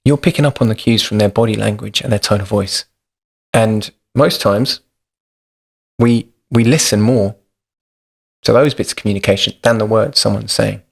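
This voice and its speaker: A man's voice: lowish voice, moderate pace, vocal fry, pauses often, slightly rough. A man hosting a podcast, talking in a thoughtful, practical, explanatory way. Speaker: podcast host.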